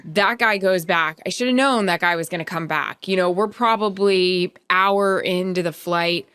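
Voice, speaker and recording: A woman's voice: fairly low pitch, normal speed, clean tone, no room sound, studio quality. A woman co-hosting a podcast, telling a story in a casual chat and acting out the voices of other people. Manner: animated, acts out other people's lines. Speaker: podcast co-host.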